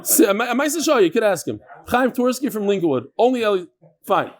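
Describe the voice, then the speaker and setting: Guy teaching talmud live, pitch jumps all over, a bit high, joking w the crowd. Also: fast talker. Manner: animated, bantering with listeners; mixes Yiddish and Hebrew terms into his talk.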